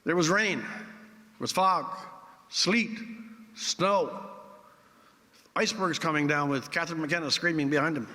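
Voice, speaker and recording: A man delivers an after-dinner keynote, spinning wry anecdotes with theatrical rhetorical flourishes. His voice is bright, forceful and a little high, and it rings with the long reverb of a large event hall. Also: measured pace, long pauses. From Newfoundland, Canada. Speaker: keynote speaker.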